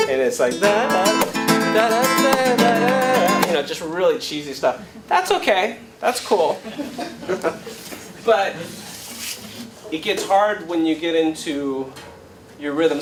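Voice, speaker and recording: Animated male guitar teacher counting beats. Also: on the high side. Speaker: flamenco guitarist teaching a workshop. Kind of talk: casual workshop talk to an audience. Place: live workshop in front of an audience. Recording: guitar playing clearly heard behind voice.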